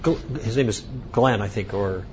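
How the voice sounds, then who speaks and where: A man giving a conference lecture, telling an anecdote in an animated storytelling way. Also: fairly low pitch, normal speed, dull audio, slight background noise. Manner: animated storytelling, acting out both sides of a dialogue. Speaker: speaker at a conference.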